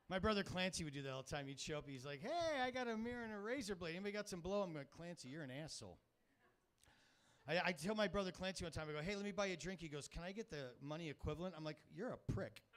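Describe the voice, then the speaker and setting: A man's voice: on the high side, fairly bright tone. A middle-aged man doing a rambling, crude, self-mocking stand-up comedy set on a club stage, swearing a lot as he hosts the show. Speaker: stand-up comic and show host.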